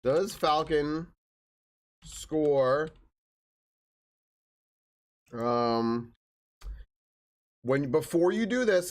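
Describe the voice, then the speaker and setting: A man's voice: fairly high pitch, extremely slow, pauses often. A young man live-streaming a game, chatting in an upbeat way and greeting his viewers one after another.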